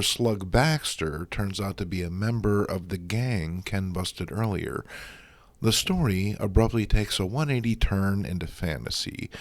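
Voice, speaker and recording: A man's voice: lowish voice, no echo. A man hosting a show, narrating comic book reviews with a wry, sarcastic manner. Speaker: host.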